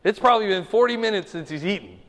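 High-voiced pastor in a big reverberant hall. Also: male voice, expressive, fast, a bit bright. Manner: reads scripture with rising emphasis, then explains casually; asks the audience rhetorical questions. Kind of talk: sermon.

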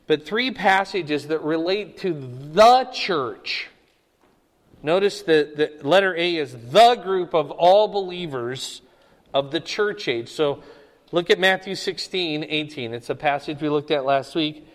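A man's voice: on the high side, animated, a little slow. A man teaching a Bible study, stressing key words and often checking in with his listeners. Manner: emphatic, repeats key words and checks in with "okay?". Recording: long hall reverb.

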